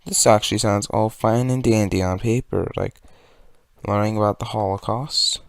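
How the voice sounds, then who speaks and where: A man's voice: fairly low pitch, fairly even intonation, normal speed, creaky, no room sound. A young man from California giving a sarcastic, rambling commentary rant. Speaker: video commentator. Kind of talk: ranting commentary.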